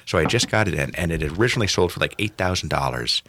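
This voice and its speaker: A man telling a long story in casual chat, animated and swinging between loud and soft. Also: deep voice, very fast.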